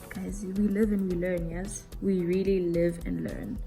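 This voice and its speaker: A woman's voice: fairly low pitch, little pitch movement, takes it slowly, creaky, soft background music. A young woman telling a candid storytime to her viewers while doing her makeup, casual and slangy. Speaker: beauty vlogger.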